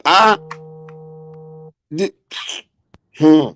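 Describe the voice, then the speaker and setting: A man's voice: fairly high pitch, drawn-out words, a bit bright, slight background noise. A man with a Nigerian Yoruba accent hosting a heated political talk, blunt and indignant, switching between Yoruba and English. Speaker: host.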